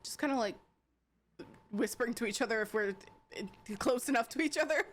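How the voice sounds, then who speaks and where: A woman playing in a tabletop game answers casually and quickly. Her voice sits high. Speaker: player. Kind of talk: casual chat.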